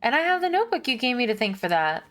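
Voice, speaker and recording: A woman voicing an eager, cheerful young female merchant who talks brightly. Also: on the high side, big pitch swings, very fast, soft background music, pitched above the performer's own voice.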